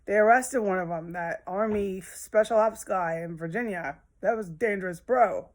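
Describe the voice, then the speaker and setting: A woman with a voice of middling pitch delivers a rambling, agitated monologue. She swears freely, doubles back and restarts her sentences. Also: moderate pace, darkish tone. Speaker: social media commentator.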